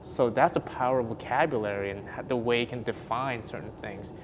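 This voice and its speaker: A man's voice: mid-range voice, brisk, in a large hall, background noise. A man hosting a podcast, talking enthusiastically and laughing often. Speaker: podcast host, physiotherapist. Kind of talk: casual interview chat.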